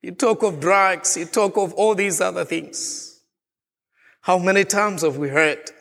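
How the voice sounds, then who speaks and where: Slow, bright-voiced preaching man in a reverberant hall. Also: high voice, creaky. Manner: preaching with rhetorical questions to a congregation. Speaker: pastor. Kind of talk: sermon. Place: church.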